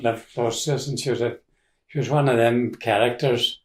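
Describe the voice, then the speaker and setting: The speaker is an older Donegal man, Irish-accented, being interviewed as he casually rambles through family anecdotes with restarts and chuckles. His medium-pitched voice is steady and normal in speed. There's a slight hiss or hum and a roomy echo.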